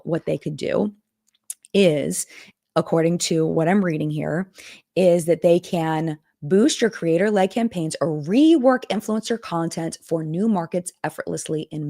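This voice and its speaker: A woman's voice: low-pitched, a little mellow. A woman hosting a casual live stream, thinking aloud as she reads viewer comments and contract text. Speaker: host of a live chat stream. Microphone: streaming setup.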